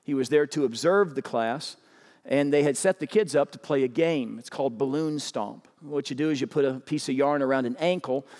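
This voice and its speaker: Man preaching in a big reverberant hall. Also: normal speed. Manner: animated, urging the crowd with rising pitch. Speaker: pastor. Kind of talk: sermon. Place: large church auditorium.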